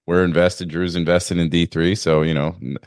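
A man hosting a podcast, relaxed and slangy, filling his talk with "you know" and "man". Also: sits low, normal speed, no echo, clean studio sound. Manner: relaxed, slangy, lots of fillers. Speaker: podcast host. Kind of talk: casual chat.

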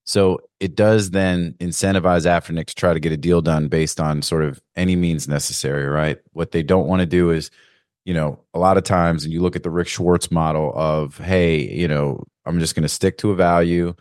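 A man's voice: low voice, fairly even intonation, moderate pace, darkish tone, no echo, studio quality. A man hosting a casual panel discussion, rambling with many fillers and retelling stories with energy.

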